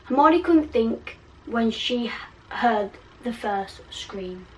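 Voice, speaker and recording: Brief: woman reading her own story aloud, slow and a bit high, self-mocking asides, voice away from the mic. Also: lively intonation, distant mic, rough recording. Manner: giggly, self-mocking, stumbling over words. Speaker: channel host reading her fan fiction.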